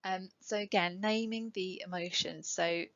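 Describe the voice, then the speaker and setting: A woman's voice: on the low side, fairly even intonation, unhurried, a bit bright. A middle-aged woman, an educational psychologist, giving a webinar talk to parents in a conversational way, with many ums and light laughs. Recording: dull lo-fi webinar audio.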